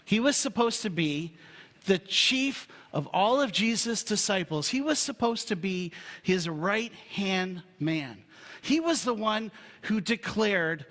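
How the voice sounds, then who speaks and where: A pastor preaching a sermon in a relaxed, joking, conversational way before turning serious. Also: male voice, sits high, takes it slowly. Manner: humorous, conversational storytelling. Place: church sanctuary. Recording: reverberant church hall.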